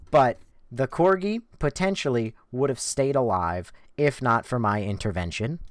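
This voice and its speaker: A man's voice: medium pitch, no echo, clean studio sound. A young man streaming a game, telling a rambling story in casual chat, self-mocking, swearing and laughing between lines.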